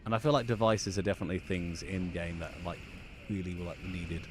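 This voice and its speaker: A man's voice: deep voice, steady tone, a little fast, noisy background. A man co-hosting a casual livestream show, chatty, often stumbling into restarts. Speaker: podcast co-host.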